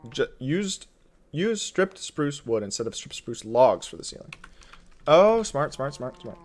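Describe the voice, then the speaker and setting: Slow, lively-voiced male streamer thinking aloud. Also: mid-range voice. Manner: thinks aloud, reads chat, chuckles often. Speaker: game streamer. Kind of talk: casual live-stream commentary while building. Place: at a desk at home.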